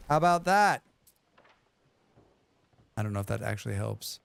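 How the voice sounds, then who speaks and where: A man's voice: fairly low pitch, sing-song, moderate pace, creaky, long pauses, clean tone. Chatty male game streamer. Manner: chatty, muttering reactions and questions to the game. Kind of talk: casual gaming commentary.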